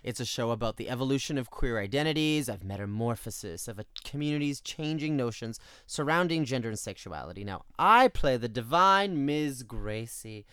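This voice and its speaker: A man pitching his cabaret show on the radio, flamboyant and cheeky. His voice is smooth and resonant, with a dry, close studio sound. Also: a bit bright, no room sound. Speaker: theatre performer guest.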